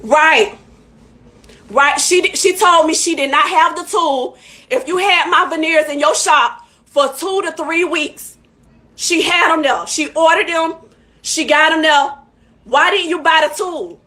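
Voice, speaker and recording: A woman's voice: high voice, unhurried, bright, forceful tone. A woman hosting a live stream in casual chat, heated and emphatic, repeating her points. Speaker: livestream host.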